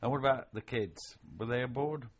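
A man interviewing an older sailor, asking casual, halting questions. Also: mid-range voice, slightly rough. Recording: lo-fi dull recording.

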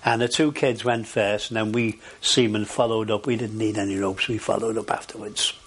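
A man's voice: fairly low pitch, little pitch movement, moderate pace, a bit bright, slightly rough. An older man in an oral history interview, telling a long story in a rambling way with many fillers.

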